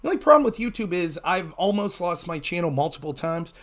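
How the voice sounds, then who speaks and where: Sharp pitch jumps mark this man's greetings as he appears as a guest political commentator in a relaxed interview. He's animated and talks a little fast.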